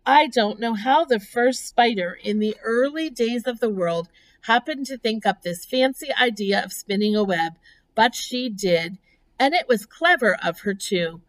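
A clever storybook spider with a thin, pleasant voice, voiced by a woman. She explains things in a brisk, matter-of-fact way and takes her time with her words. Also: fairly high pitch, expressive, poor audio.

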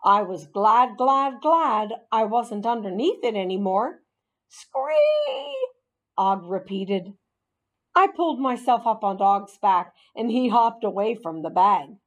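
A woman reading a children's storybook aloud in an expressive, animated way. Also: medium pitch, a little slow, muffled recording. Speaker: narrator.

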